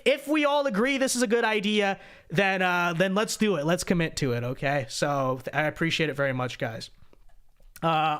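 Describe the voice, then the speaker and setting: A man with a high-pitched, slightly bright voice hosts a political livestream, reading viewer donations aloud. He's chatty and repetitive, often tacking "okay?" onto his lines.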